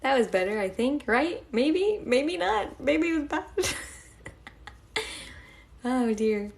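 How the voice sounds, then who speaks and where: A woman's voice: a little high, lively intonation, takes it slowly. A young woman live-streaming, chatting casually and giggling as she thanks her viewers.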